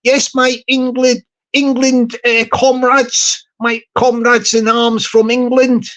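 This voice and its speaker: A man's voice: very high voice, completely flat delivery, takes it slowly, a bit bright. Rambling jokey man hosting a comic vlog. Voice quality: jokey, repetitive, chuckling. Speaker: channel host.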